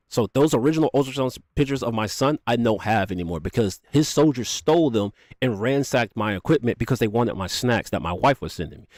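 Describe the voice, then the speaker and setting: A young man casually telling a profane, animated story, acting out quotes as he goes. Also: mid-range voice, dry recording, studio quality.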